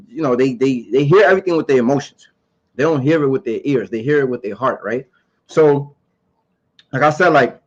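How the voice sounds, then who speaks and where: A man's voice: medium pitch, highs cut off. A man giving his opinions in a casual monologue to camera. He talks emphatically, repeats his points and asks rhetorical questions.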